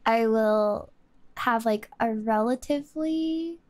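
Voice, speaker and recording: A chatty young woman with a somewhat high voice, talking casually and excitedly. She rambles from one tangent to the next, full of fillers and quick restarts. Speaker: streamer. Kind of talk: casual chat.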